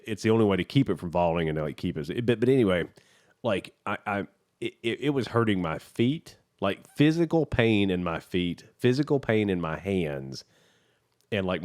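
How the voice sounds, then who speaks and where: A man's voice: sits low, lively intonation, moderate pace, darkish tone. A man co-hosting a podcast, retelling a movie in rambling casual chat with many restarts. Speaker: podcast co-host.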